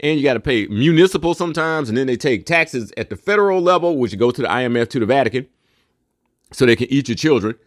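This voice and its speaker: A man's voice: mid-range voice, lively intonation, quick pace, no echo, studio quality. A man delivering a casual, profane monologue in a preachy, conspiratorial tone, with rhetorical questions and mocking asides.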